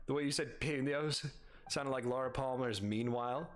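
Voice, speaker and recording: A man's voice: mid-range voice, steady tone, moderate pace. A young adult man streaming live, chatting casually, swearing freely, laughing often and reading chat aloud.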